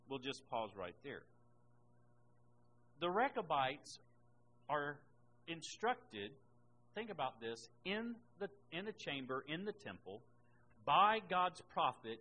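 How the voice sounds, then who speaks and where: A man teaching a Bible lesson, reading scripture slowly and emphatically, then explaining it in a conversational way. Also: fairly high pitch, big pitch swings, sharp tone, lo-fi sound, a little hiss or hum.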